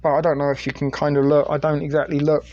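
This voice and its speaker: A man's voice: on the high side, completely flat delivery, fast, darkish tone, highs cut off. A middle-aged British man from the UK hosting a crude, rambling late-night live stream on his phone and reading viewer chat aloud. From United Kingdom.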